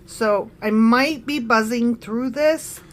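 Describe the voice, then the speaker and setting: A high-voiced woman cohosting a casual podcast. She reads passages aloud and breaks off to joke and laugh. Her talk is relaxed and playful. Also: slow pace. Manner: chatty and joking, laughs often. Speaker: podcast co-host. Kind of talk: casual chat reading scripture.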